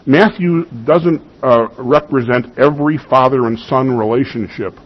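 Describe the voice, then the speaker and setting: A man's voice: medium pitch, measured pace, husky, highs cut off. A man preaching a teaching sermon, stressing key points and putting rhetorical questions to his congregation. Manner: teaching, emphatic, asks the listeners rhetorical questions. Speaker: pastor. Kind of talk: expository sermon.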